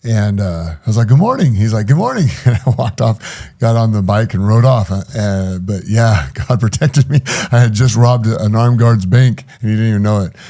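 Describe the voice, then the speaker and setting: A man's voice: on the low side, fairly even intonation, moderate pace, hardly any pauses, dark tone. A middle-aged man telling his story in an interview, hesitant, with many fillers and restarts. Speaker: guest.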